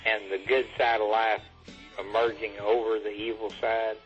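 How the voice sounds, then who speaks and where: A man's voice: lowish voice, flat delivery, fairly bright tone, soft background music. Dry joking man over a dull phone line. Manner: dry, joking, drawling with pauses. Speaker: phone guest. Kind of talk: casual chat.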